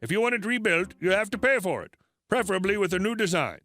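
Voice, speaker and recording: A man voicing a calm, polite immigrant builder who stays steady under pressure. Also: sits high, fast talker.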